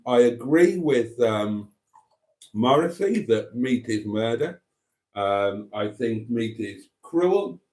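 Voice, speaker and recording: A man hosting a live stream in a deadpan, mock-pompous way, rambling with many fillers as he reads out viewer comments. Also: medium pitch, slow pace.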